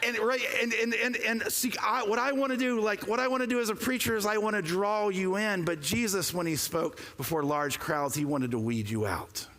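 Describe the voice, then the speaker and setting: A man preaching a lively, joking sermon, calling for the congregation to respond. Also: high-pitched, moderate pace, hardly any pauses. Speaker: pastor. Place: church sanctuary. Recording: long reverb of a church hall.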